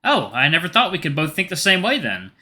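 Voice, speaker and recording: Visual novel role: a man reading a bashful, joking young guy, bright sharp voice, lively. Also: on the high side, a little fast, voice pushed up, full character voice. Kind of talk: visual novel read aloud.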